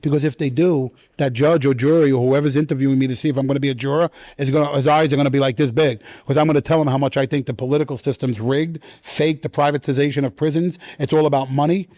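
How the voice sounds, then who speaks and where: A middle-aged man who is an actor, talking as a guest in a casual interview and telling stories with lively, acted-out quotes. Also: mid-range voice, quick pace, hardly any pauses, no room sound, clean studio sound. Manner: animated storyteller, acts out quotes in loud sudden bursts.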